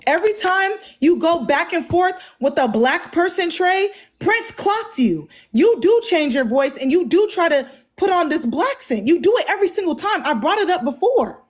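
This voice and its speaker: A woman's voice: very high-pitched, expressive, normal speed, hardly any pauses. A woman hosting a live stream, angrily confronting someone with heavy swearing. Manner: angry, confrontational, heavy profanity. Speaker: livestream host. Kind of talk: heated live-stream argument.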